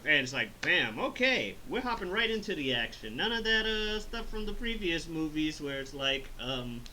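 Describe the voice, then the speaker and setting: A man's voice: fairly high pitch, very animated, moderate pace, pushed and bright, a little hiss or hum, low-quality recording. A man hosting a casual review chat, rambling, swearing and laughing as he recaps the story. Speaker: host reviewing an animated film.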